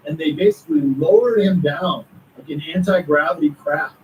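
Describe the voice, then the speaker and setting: A man talking as an author and guest, recounting a story with excited asides. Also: on the high side, normal speed, far from the mic, dull audio, slight background noise. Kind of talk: conspiracy talk interview.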